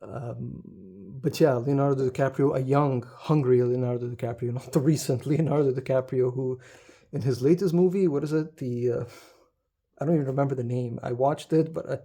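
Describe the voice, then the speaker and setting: A man's voice: medium pitch, steady tone, fairly quick, warm tone. A man talking casually to camera about books and films, hesitant with many fillers and restarts. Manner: hesitant, many ums and restarts, laughs often. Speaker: book video creator. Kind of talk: casual book talk to camera.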